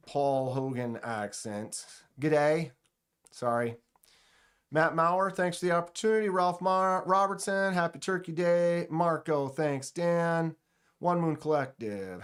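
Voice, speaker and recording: Clicking through his screen, a live stream host running a giveaway mutters to himself and reads viewer comments aloud in a relaxed way. He has a smooth, fairly high-pitched voice.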